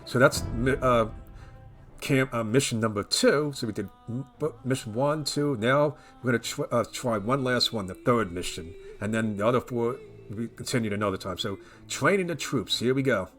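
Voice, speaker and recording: A man's voice: mid-range voice, moderate pace, a bit bright. Chatty man commenting on gameplay. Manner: chatty, rambling, many restarts. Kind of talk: casual game commentary. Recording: voice over game music.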